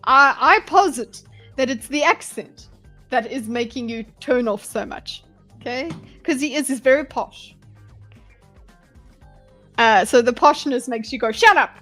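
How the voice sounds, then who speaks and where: A woman's voice: high voice, a little slow, pauses often, a bit bright, soft background music. A woman hosting a livestream and commenting on a debate clip. She talks bluntly and with animation, swears freely and breaks into laughs. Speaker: livestream host analysing a debate. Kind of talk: live reaction commentary.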